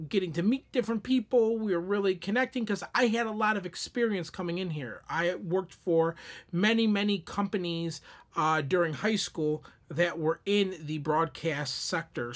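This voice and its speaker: A young man telling a personal story to camera, animated and expressive with many repeated words. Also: high voice. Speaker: streamer telling his own story.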